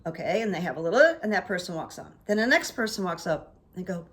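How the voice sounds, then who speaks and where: A woman's voice: fairly low pitch, fast, hardly any pauses. Woman vlogger rambling through little daily stories, chatty, does the voices of people she met. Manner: chatty and anecdotal, acts out quoted people. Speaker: vlog host. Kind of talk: casual storytelling monologue.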